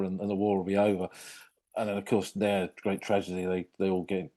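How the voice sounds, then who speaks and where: A British man hosting a podcast, talking in a thoughtful, measured way. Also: low voice, level tone, dark tone. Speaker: podcast host. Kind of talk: casual conversation.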